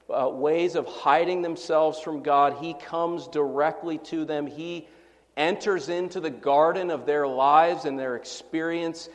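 A man preaching a sermon with fervor, repeating his questions for emphasis. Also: a little high. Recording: long reverb of a hall.

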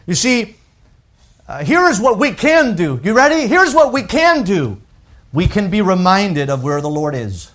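A man preaching a sermon with emphatic swings from loud declarations to hushed, drawn-out lines, repeating words as he works through a thought. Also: sits high, sing-song. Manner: unhurried, deliberate, with pauses and repeated words. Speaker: pastor.

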